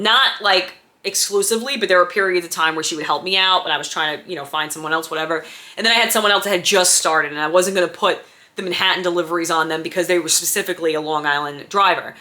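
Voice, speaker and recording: Bright-voiced woman telling a story. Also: lowish voice. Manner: animated, acts out quoted dialogue, many fillers like "like" and "right?". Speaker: former diaper service owner. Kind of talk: casual personal storytelling.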